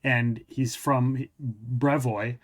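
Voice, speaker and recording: A podcast host who also runs tabletop games tells a long, rambling story in a casual interview chat, circling back on itself again and again. His voice is mid-range with fairly even intonation, and he speaks extremely slowly.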